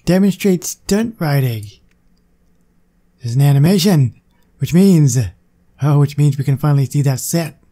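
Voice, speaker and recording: A young man giving casual, excitable commentary on his gameplay and chatting to viewers. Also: fairly high pitch, unhurried, long pauses. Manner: excitable, chatty, talks to the game. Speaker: gaming channel host.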